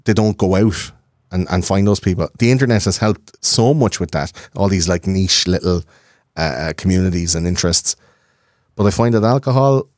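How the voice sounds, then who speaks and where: A man in his thirties, a podcast guest, talking in a rambling, profane, animated way. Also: low-pitched, no echo, clean studio sound. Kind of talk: casual conversation.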